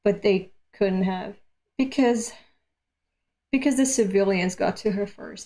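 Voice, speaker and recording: A woman from Europe streaming a manga read-along, reacting aloud with animated, profane rants. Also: medium pitch, a little slow, pauses often. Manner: animated, swears freely, rants at the page.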